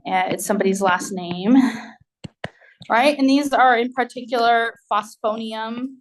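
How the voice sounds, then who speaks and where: A woman's voice: a little high, a little slow, slight background noise. A woman giving a university chemistry lecture, explaining in a conversational way with many fillers and "right?" checks.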